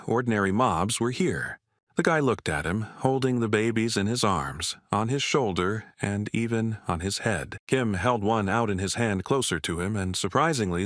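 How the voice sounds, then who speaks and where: Low-voiced man narrating a story recap. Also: fairly bright tone, no echo, clean studio sound.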